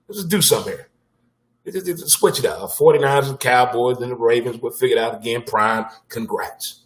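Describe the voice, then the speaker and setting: A man hosting a casual sports talk show, with a blunt, animated delivery, occasional swearing and punchlines he repeats for effect. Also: medium pitch.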